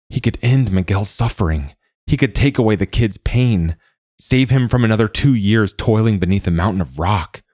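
A man reads a story aloud with a measured, steady delivery. His voice sits very low, and the recording is dry and close, with no room sound. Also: dry recording. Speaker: narrator. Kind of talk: scripted audiobook narration.

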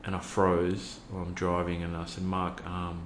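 A man's voice: low-pitched, completely flat delivery, brisk, echoey room, slight background noise. A man, a youth worker, telling a personal story earnestly with many fillers and restarts. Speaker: podcast guest, youth worker.

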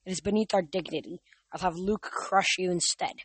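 Young man reads as a sneering immortal Titan, slow and booming, in a dry storybook reading. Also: fairly bright tone, slightly rough, dry recording. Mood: gloating. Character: menacing Titan father, male, cruel and gloating.

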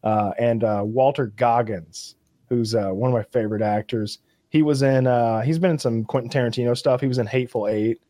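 A man talks in a loose, rambling way, stacking fillers and false starts as his enthusiasm builds. His pitch sits mid-range, and the sound is dry and close to the mic, with no room echo. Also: steady tone, fairly quick, mellow. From Kentucky. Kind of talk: casual chat.

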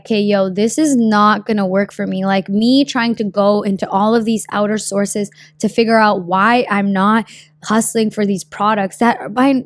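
A young woman giving a casual motivational talk about her own story, energetic and slangy, swearing freely and acting out what people say. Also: mid-range voice, no echo. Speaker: speaker sharing a personal story.

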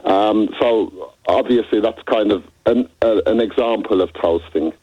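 Chill low-voiced english guy rambling in a radio interview, lots of "you know", dry muffled sound. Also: a little slow, dry recording. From England. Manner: laid-back, rambling with many "you know"s. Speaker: musician guest. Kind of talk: relaxed interview chat.

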